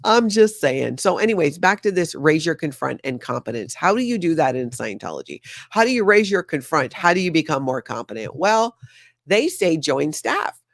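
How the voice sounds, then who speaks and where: A woman's voice: sits low, big pitch swings, normal speed, creaky, no echo, clean studio sound. A woman hosting a casual news recap livestream, talking straight to her viewers in a sarcastic, chatty way. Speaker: host of a news recap channel.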